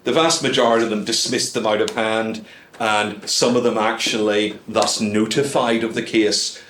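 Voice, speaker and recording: A man's voice: on the low side, steady tone, moderate pace, a bit bright, echoey room, slight background noise. A man giving a humorous talk to a club, full of dry asides and hesitant ums. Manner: wry, dry asides with many ums and uhs. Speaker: guest speaker. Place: club meeting room.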